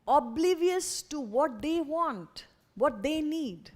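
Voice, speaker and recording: Lady giving a spiritual talk, earnest and lively, kinda high voice. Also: takes it slowly. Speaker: spiritual speaker.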